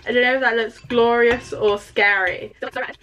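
A woman's voice: fairly high pitch, normal speed. Bubbly young woman vlogging. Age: young adult. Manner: bubbly, excitable, giggly. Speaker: YouTuber. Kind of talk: casual vlog chat. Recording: faint background noise.

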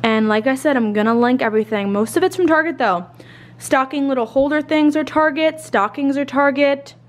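A woman's voice: high voice, brisk. A woman in her twenties gushing about her holiday decorating while showing her home, a bit out of breath and swearing casually. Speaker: lifestyle vlogger. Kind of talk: casual home tour chat.

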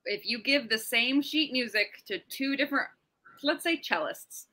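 A woman's voice: sits high, moderate pace, bright, forceful tone, rough recording. A woman co-hosting a casual chat, loose and joking, swearing freely and tripping over her words. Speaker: podcast co-host.

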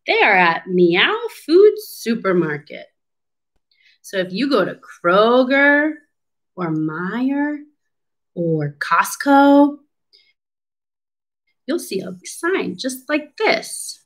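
Slow, animated woman reading a storybook. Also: a little high, low-quality recording. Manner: slow, animated, teacherly, asks children questions. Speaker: speech and hearing clinician. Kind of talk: children's storybook read-aloud.

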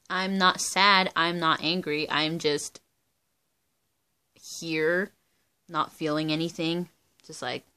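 A young woman vlogging from home in the dark, melodramatic, swinging between yelling and flat mumbling. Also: sits low, clear, resonant tone. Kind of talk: casual home vlog.

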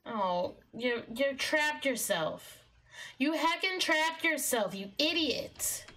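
High, bright-voiced woman streamer, slow drawl. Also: lively intonation, faint music behind. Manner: exasperated, yelling at her companion, swings between shrieks and mutters. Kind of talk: live game commentary.

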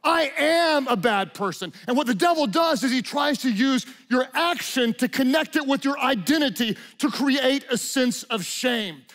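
A man preaching a sermon as pastor, telling stories dramatically, hushing low and slow for solemn moments and rising to forceful emphasis. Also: animated. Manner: dramatic storytelling with acted-out quotes.

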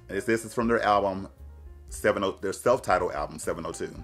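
Young man, lowish voice, casual music reaction vlog, slangy and gushing, faint music behind. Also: brisk, fairly bright tone. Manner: gushing, slangy, sings snippets along with songs. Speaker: YouTube reviewer.

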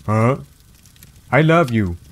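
A man's voice: mid-range voice, lively intonation, slow. A young man hosting a gaming video, giving playful, jokey commentary and narrating the game as a mock story. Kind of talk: casual let's-play commentary.

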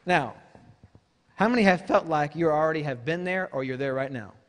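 A man preaches a sermon in a fairly high voice. He mixes loose, chatty asides with sudden emphatic shouts. His voice rings out with a long reverb across a church hall. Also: normal speed. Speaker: guest preacher.

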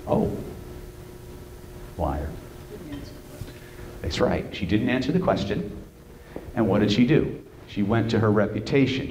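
Guy teaching a seminar crowd, low voice, lots of "right?", cracks jokes, echoey room, faint hiss. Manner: animated, joking asides, frequent "right?" check-ins. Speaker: seminar presenter. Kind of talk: live seminar lecture. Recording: roomy room with faint noise.

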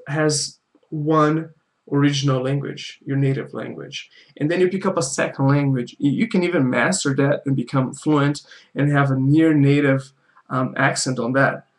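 A man vlogging, talking earnestly to viewers and giving advice, often repeating his point. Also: fairly high pitch. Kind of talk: casual talk to camera.

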